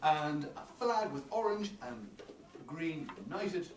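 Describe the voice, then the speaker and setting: A man, a visiting professor, telling young children playful stories in a sing-song, animated way. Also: fairly high pitch, slow pace. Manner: animated, sing-song storytelling with silly sound effects. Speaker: visiting professor presenting to preschoolers. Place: preschool classroom. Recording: echoey room, distant camera, noisy.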